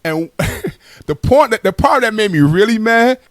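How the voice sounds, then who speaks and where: Animated male stand-up storyteller. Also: sits high, measured pace, no echo. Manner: animated, repetitive asides. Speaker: comedian.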